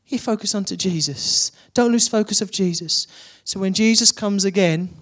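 High-voiced man preaching a sermon. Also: normal speed, fairly bright tone. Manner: rising to emphatic repeated questions.

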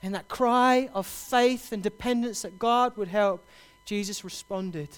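Impassioned high-voiced preacher. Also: male voice, measured pace, clean tone. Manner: impassioned, swells loud on repeated cries for help. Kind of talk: sermon.

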